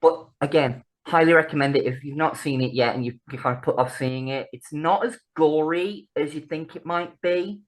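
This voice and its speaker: A woman's voice: deep voice, moderate pace, hardly any pauses. A woman, co-hosting a podcast in casual chat, laughing often, swearing freely and bantering. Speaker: podcast co-host.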